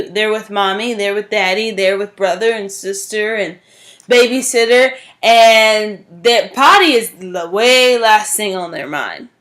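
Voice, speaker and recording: A woman's voice: on the high side, fairly bright tone. A woman teacher giving an informal informative speech, talking in a chatty way and repeating words for emphasis. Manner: frequent "like" and "um" fillers.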